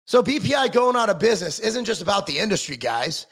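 A middle-aged man rants with sarcasm and constant swearing. His voice sits high and gravelly and swoops up and down as he vents. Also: big pitch swings, fast talker, a bit bright. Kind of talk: profane political rant.

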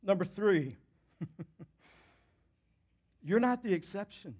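His voice sits high and slightly rough, with lively intonation, as this pastor preaches slowly in church. He's emphatic, repeating key points and swinging from loud to hushed.

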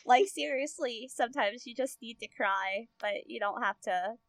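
A woman's voice: fairly high pitch, normal speed, dry recording. A young adult woman hosting a podcast in casual chat, talking loosely with many fillers and frequent laughs. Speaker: podcast co-host.

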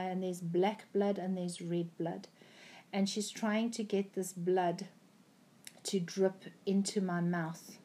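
A woman's voice: on the low side, darkish tone. A woman earnestly recounting a prophetic dream, with frequent ums and restarts. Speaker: Christian speaker.

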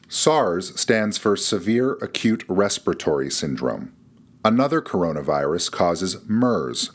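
Man, podcast host, scripted narration, dry wit, low voice, husky. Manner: dry, wry delivery.

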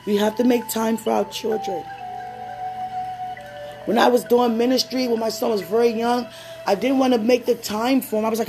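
A woman preaching and praying in a conversational sermon. She mixes personal stories with laughing asides and slows down for prayer. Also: a little high, fairly even intonation, music in the background.

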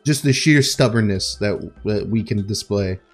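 A man's voice: on the low side, moderate pace, faint music behind. A man co-hosting a podcast, chatting casually, swearing and laughing as he rambles. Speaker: podcast co-host. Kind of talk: casual chat.

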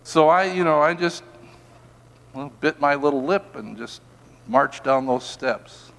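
A man's voice: on the high side, a little slow, vocal fry, long reverb tail. Older male pastor preaching with humor. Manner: animated, self-mocking humorous storytelling. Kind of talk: sermon with personal stories.

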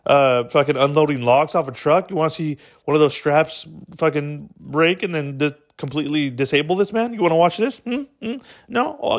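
A man's voice: on the high side, creaky. A man voicing a personified app algorithm as a sly, pushy male drug dealer offering hits. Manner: wheedling, coaxing, pushy.

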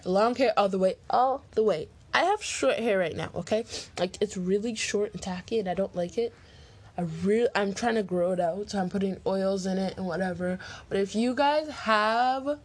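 Chatty teen girl rambling on a vlog. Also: mid-range voice. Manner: rambling, chatty, lots of fillers. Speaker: vlogger. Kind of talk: casual Q&A vlog. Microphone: laptop microphone.

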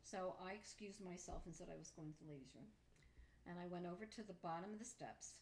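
An older woman being interviewed by her daughter, telling a story from her college years in a lively, quoting way. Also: on the low side, slight background noise. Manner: storytelling, animated quoting, laughs easily. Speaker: guest, interviewee's mother.

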